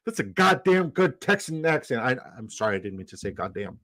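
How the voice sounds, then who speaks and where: A man's voice: medium pitch, very animated, fast talker, hardly any pauses, a bit bright, no room sound. A man from Canada hosting a live stream in casual chat, rambling, swearing and repeating himself.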